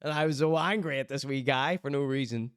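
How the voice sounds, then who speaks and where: A man's voice: medium pitch, fairly quick, clean tone, no echo, studio quality. A man with a Northern Irish accent hosting a show in casual chat, telling stories animatedly and slipping into other people's voices. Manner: animated storytelling with put-on voices. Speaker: show host.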